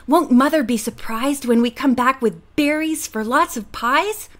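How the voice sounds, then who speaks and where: A woman voicing a polite, bright young girl in a children's storybook reading. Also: sits high, unhurried. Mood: friendly. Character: young girl, Nan, polite older twin.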